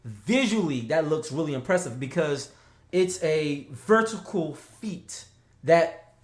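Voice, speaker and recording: A man co-hosting a casual talk show, animated and slangy, laughing often. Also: fairly high pitch, slow pace, roomy sound. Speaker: podcast co-host. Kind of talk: casual chat.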